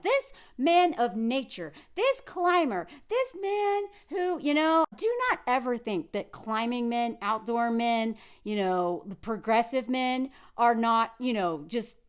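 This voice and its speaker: Woman, Southern American accent, high voice, sarcastic, mocking, loud-soft swings, political vlog rant. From United States. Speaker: political commentary vlogger. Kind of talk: ranting commentary to camera.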